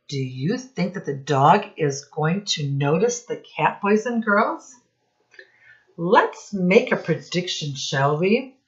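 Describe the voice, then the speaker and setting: A woman teacher reading a picture book aloud to young children, asking them questions in a slow, sing-song teacherly way. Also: fairly low pitch, dull audio.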